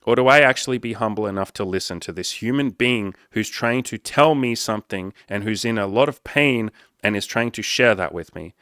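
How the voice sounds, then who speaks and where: A man's voice: lowish voice, a little fast, smooth, no room sound, clean studio sound. A man, a dating and self-improvement coach, telling a candid story to camera in a casual, profane, self-mocking way. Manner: casual, profane, self-mocking, quotes people in lively voices.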